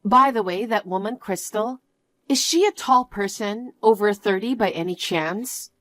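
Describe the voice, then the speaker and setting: A woman voicing a caring middle-aged mother who apologizes for her son, speaking softly and gently. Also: mid-range voice, lively intonation, measured pace, no echo.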